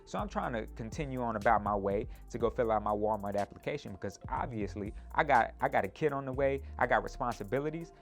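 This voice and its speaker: A man in his twenties telling a personal story in a lively, animated way, often ending points with a quick question to the listener. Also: medium pitch, soft background music. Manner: animated, speeds up in retellings, tag questions.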